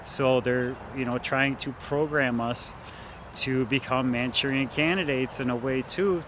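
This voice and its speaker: A man's voice: mid-range voice, noisy background. Profane, agitated man vlogging outdoors. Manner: profane, agitated, rambling with many fillers. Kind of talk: rambling monologue to camera. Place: outdoors near parked cars.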